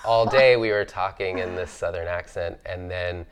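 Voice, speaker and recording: A man's voice: deep voice, fairly even intonation, normal speed, clear, resonant tone. A man on an artist panel, telling stories about his early influences in a thoughtful, chatty way, with lots of fillers and easy laughter. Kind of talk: reflective conversational storytelling.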